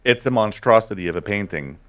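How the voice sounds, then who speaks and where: Low-voiced opinionated livestream co-host. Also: male voice, expressive, a little fast, fairly bright tone. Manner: explanatory, opinionated, frequent "right?" tags. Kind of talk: casual livestream commentary.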